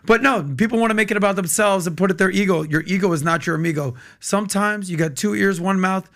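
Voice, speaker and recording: A man's voice: high-pitched, fast talker. A man hosting a podcast, chatting energetically and cheering on his guest. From United States. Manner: energetic, agreeable, hypes the guest. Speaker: podcast host. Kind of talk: casual podcast chat.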